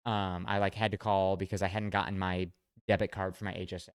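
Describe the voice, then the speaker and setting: A man's voice: sits low, flat delivery, brisk, clean tone, no room sound, studio quality. A man co-hosting a podcast, chatting casually and laying out emphatic, jokey theories. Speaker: podcast co-host. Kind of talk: casual chat.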